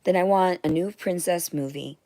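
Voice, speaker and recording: A young woman in a rambling, emotional monologue, blunt and profane, jumping between loud outbursts and hushed whispers. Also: on the low side, normal speed, no echo. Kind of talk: rambling monologue to unseen listeners.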